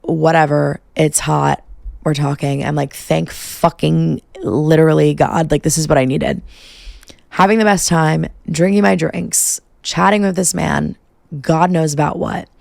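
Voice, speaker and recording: Gravelly-voiced woman telling a wild story. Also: sits low, a little slow, no echo, studio quality. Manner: profane, valley-girl filler "like". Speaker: podcast host. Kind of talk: casual storytelling.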